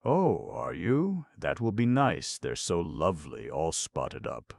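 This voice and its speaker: A man's voice: low voice, wildly swooping pitch, slow pace, vocal fry, darkish tone, dry recording, clean studio sound, heavily acted. A man voicing a shy, sweet young schoolgirl in an audiobook, in an earnest, pleading way. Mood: delighted.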